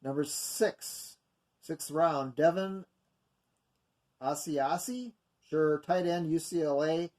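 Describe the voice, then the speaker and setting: A man's voice: a little high, takes it slowly, long pauses, a little mellow. Rambling man reading mock draft picks. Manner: rambling, full of fillers and self-corrections. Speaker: video host going over mock drafts. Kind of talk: casual unscripted commentary.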